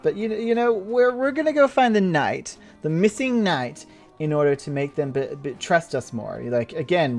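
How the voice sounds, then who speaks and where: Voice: medium pitch, a little mellow. A game player giving goofy, giggly, rambling casual commentary while playing an online role-playing game. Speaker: let's play gamer.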